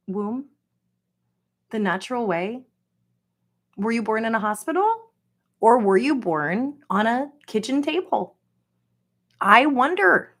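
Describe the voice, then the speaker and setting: Slow-talking, swearing woman venting. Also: on the high side, lively intonation, fairly bright tone. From Florida. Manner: rambling and profane, heavy use of filler words; venting, incredulous. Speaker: podcast host. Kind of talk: casual personal monologue.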